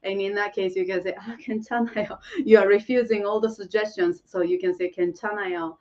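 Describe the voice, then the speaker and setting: A woman's voice: medium pitch, level tone, fast, darkish tone, recorded from a distance, highs cut off. A woman whose first language is Korean, teaching a live online lesson and answering viewer questions, laughing often and repeating phrases.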